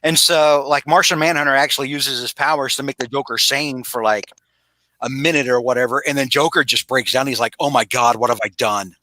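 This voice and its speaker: Bright-voiced man rambling through a recap. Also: medium pitch, fairly even intonation, a little fast. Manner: rambling, many restarts and acted-out quotes. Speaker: podcast co-host. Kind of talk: casual podcast chat.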